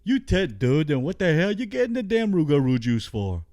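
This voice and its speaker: A man puts on a shrill, fired-up Cajun man from the bayou, whose voice jumps well above its usual range as he fumes in indignant disbelief. The tone stays mellow and dry, told for a comic story. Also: big pitch swings, normal speed, dry recording. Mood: exasperated.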